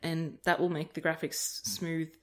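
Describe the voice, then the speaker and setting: A rambling, laugh-prone woman talks over her gameplay in a relaxed, chatty way. Her voice sits a little low for a woman, and she drifts easily from the game into long anecdotes, close to a desk mic. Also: unhurried. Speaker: gaming video creator. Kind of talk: casual let's-play chat.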